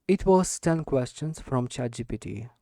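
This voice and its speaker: A man practicing spoken English in an unscripted monologue, talking slowly and hesitantly, repeating and restarting words as he searches for them. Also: mid-range voice, animated, mellow, no echo, studio quality. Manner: deliberately slow with stressed words. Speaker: English learner recording speaking practice.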